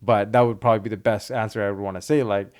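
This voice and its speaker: A man's voice: fairly low pitch, smooth. A man, a criminal lawyer, talking casually in an interview and acting out exchanges with police. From Sri Lanka. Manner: fast, animated, acts out police exchanges.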